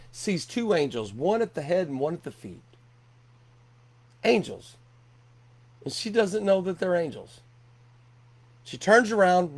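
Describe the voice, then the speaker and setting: A middle-aged man preaching a sermon earnestly, often repeating and restarting his words. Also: high-pitched. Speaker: pastor.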